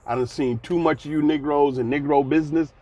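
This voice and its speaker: A man's voice: a little high, fairly even intonation, brisk, warm tone. A man in his sixties giving blunt, folksy commentary, ranting and sighing between points. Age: 60s. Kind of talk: casual commentary vlog.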